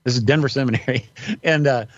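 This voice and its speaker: A man in a middle pitch, talking as a pastor on a podcast. He wanders through his points with plenty of ums and restarts. His remote call audio is dull and dry, with no room around it. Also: a little fast, a bit bright, no room sound. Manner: rambling, many fillers and restarts. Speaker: pastor and guest. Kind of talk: casual podcast discussion.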